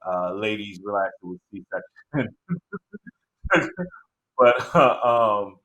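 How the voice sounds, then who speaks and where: A middle-aged man telling a stand-up story, rambling and halting with many fillers and restarts. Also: lowish voice, lively intonation, pushed and bright. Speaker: stand-up comedian.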